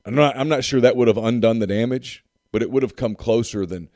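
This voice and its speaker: A man's voice: medium pitch, fairly quick, a little mellow, dry recording, studio quality. A man co-hosting a sports podcast in casual chat, emphatic and repeating points for effect. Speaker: podcast co-host.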